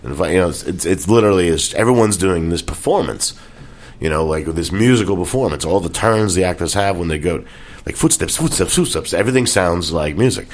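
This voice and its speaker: A man hosting a casual chat, telling animated stories about comedy films, swearing freely. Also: low voice, fast. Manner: animated storyteller, acts out movie scenes.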